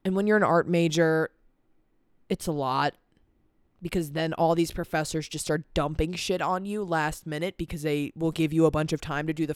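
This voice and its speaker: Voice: mid-range voice, clean tone, no room sound, clean studio sound. Eighteen-year-old rambling, sweary podcaster. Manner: rambling, sweary, lots of "like" fillers. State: tired, stressed. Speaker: podcast host. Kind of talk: casual vlog-style chat. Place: cold indoor room. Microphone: camera on a timer.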